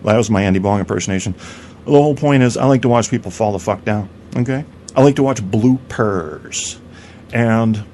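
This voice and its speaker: A man's voice: medium pitch, darkish tone, slight background noise. Profane rambling male podcast host. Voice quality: rambling, profane, stammering restarts. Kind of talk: crude comedic rant.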